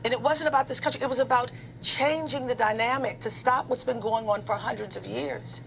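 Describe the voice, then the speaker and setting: Woman on a news panel, earnest, higher voice, bit of hiss. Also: fairly quick, gravelly, a bit bright, rough recording. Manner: earnest, building points with repeated phrases. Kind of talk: television news commentary.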